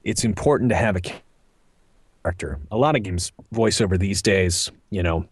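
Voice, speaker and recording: A man's voice: low voice, normal speed, slightly rough, dry recording, studio quality. A middle-aged man, a voice actor, answering interview questions in a thoughtful, meandering way with many fillers. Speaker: voice actor guest.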